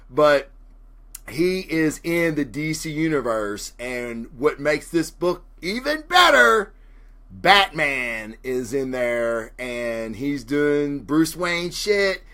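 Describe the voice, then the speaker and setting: A man hosting a casual comic book review show, excitable and profane, answering chat comments as he goes. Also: on the high side. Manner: excitable, profane, animated asides. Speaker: comic book podcast host.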